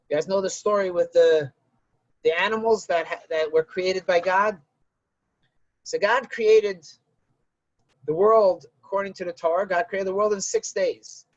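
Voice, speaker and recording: A rabbi giving a conversational religious lesson and telling a story to illustrate it. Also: male voice, sits high, unhurried, pauses often, no echo, lo-fi sound.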